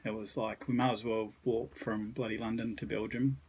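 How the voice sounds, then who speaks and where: A man's voice: on the low side, level tone, normal speed, noisy background. An Australian man, a podcast guest, casually telling rambling travel stories with mild swearing. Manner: laid-back, rambling anecdotes with mild swearing. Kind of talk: casual storytelling.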